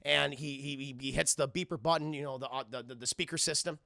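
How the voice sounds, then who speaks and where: A man's voice: mid-range voice, steady tone, fast talker, creaky, sharp tone, no echo, clean studio sound. A man casually retelling and reviewing a cartoon episode for his live chat, rambling, swearing and restarting often. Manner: rambling, profane, keeps addressing the chat, frequent restarts.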